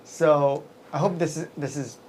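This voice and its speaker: A man's voice: a little high, a little slow, a little mellow, poor audio. Rambling, filler-heavy male show host. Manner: rambling, filler-heavy, with frequent self-corrections. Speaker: host and event emcee. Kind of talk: casual business chat.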